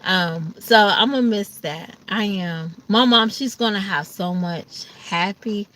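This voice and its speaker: A vlogger chats casually to her viewers in a mid-range voice that's a little slow and a bit bright. She's sleepy and ready for bed, and now and then she acts out her family's voices.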